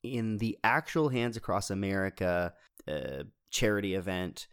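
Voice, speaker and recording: A man's voice: on the low side, expressive, normal speed, smooth. A man co-hosting a casual podcast, picking apart a movie's logic and laughing easily. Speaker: podcast co-host.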